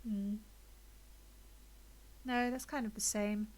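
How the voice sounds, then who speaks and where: A woman's voice: fairly high pitch, extremely slow, long pauses. A woman streaming a game, chatting casually and thinking aloud as she plays, a little out of breath and with a blocked nose. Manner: chatty, thinks aloud, narrates own choices. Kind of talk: casual gameplay commentary.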